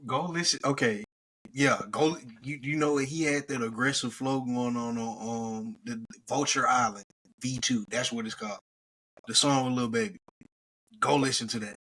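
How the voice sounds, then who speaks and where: A man's voice: mid-range voice, fairly even intonation, normal speed, a bit bright, breathy edge. A man co-hosting a podcast, talking casually and loosely about music, often stopping and restarting. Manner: laid-back, hesitant with restarts and slang. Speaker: podcast co-host. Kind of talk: casual chat.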